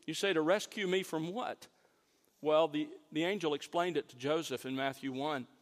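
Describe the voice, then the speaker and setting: A man preaching a sermon, slowing down to stress key words. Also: fairly high pitch, fairly even intonation, long reverb tail. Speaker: pastor.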